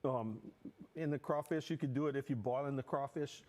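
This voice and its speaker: A middle-aged man, a guest cook, explaining his cooking step by step in a relaxed, rambling way. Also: mid-range voice, fairly quick. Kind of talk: casual explanation.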